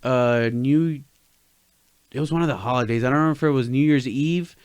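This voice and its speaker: A man chatting casually with a friend, relaxed, saying "dude" and cursing. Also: mid-range voice, fairly quick, clear, resonant tone, dry recording. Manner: relaxed, swearing, frequent "yeah, dude". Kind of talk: casual chat.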